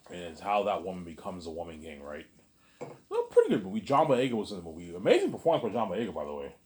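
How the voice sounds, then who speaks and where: Very low-voiced man rambling late at night. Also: huge pitch swings, quick pace, a little mellow. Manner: meandering, repeats himself, says "obviously" often. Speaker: vlogger.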